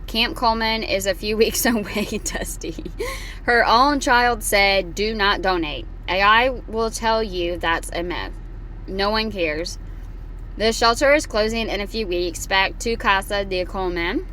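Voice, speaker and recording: A woman's voice: medium pitch, a little slow, fairly bright tone, slight background noise. A woman in her thirties giving casual reaction commentary, blunt and mocking, reading live chat aloud. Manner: blunt, mocking, repeats short jabs.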